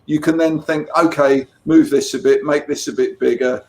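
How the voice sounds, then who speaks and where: A man's voice: on the high side, steady tone, moderate pace, a little hiss or hum. A man, a comics artist chatting casually as an interview guest, with many restarts. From England. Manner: chatty storyteller with frequent restarts.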